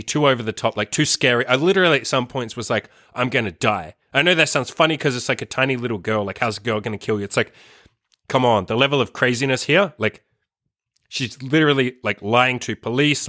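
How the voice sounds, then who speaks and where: Young male host, casual storytelling, bright tone, swears freely. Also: mid-range voice, no echo, studio quality. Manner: animated, frequent swearing and fillers. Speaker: podcast host.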